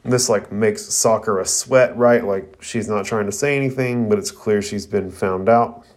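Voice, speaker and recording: Man, casual recap of a cartoon episode for a review show, lowish voice. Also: moderate pace, a little mellow. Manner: casual, retelling with fillers. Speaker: anime reviewer.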